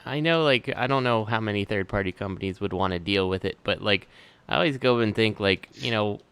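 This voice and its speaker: A man's voice: lowish voice, a little fast, fairly bright tone, smooth, no room sound. A man co-hosting a casual podcast chat, full of fillers like "like" and "you know". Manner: filler-heavy, says like a lot. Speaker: podcast co-host. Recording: dry close sound.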